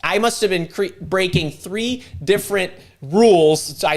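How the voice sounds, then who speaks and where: A man in his fifties hosting a live stream, telling a long personal story with lots of restarts and repeated words. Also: high-pitched. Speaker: host.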